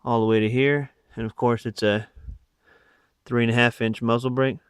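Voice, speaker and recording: In a casual phone-filmed show-and-tell, a winded man rambles about his rifle add-ons with many fillers and asides. He speaks at normal speed in a level, mid-range voice that is clear and resonant, with clean studio sound and no echo.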